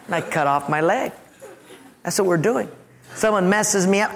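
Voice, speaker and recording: A man preaching a storytelling sermon as a pastor, animated, acting out his own yelps and asides. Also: high-pitched, normal speed, vocal fry, big-room sound.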